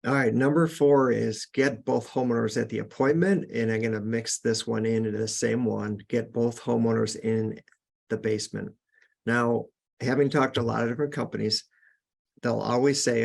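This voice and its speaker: A man's voice: medium pitch, steady tone, normal speed, vocal fry, a little mellow. A man hosting a podcast, giving earnest, casual sales coaching with frequent restarts. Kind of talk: casual instructional talk.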